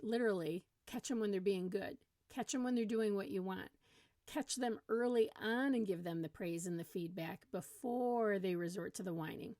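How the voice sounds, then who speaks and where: A woman parenting coach explaining strategies step by step in a calm, encouraging way. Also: mid-range voice, no room sound, clean studio sound. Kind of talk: instructional talk to camera.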